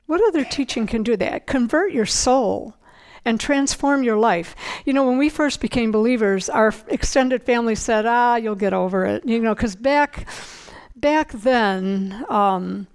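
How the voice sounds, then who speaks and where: An older woman giving an informal Bible teaching, earnest and conversational, slowing down to read scripture aloud. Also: fairly high pitch, clear, resonant tone, rough recording.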